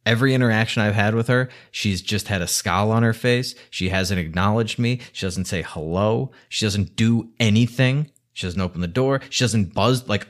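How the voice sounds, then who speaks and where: A man with a somewhat low voice is ranting, exasperated and scolding. He swears constantly as he lectures about other people's bad attitudes. It is a one-man monologue vlog. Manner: heavily profane, exasperated, scolding. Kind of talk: angry rant monologue.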